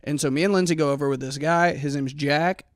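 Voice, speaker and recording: On a studio-quality recording with no room sound, a young podcast co-host tells a story during casual chat. His voice is on the high side and fast, and he's animated, acting out the voices of the people he quotes.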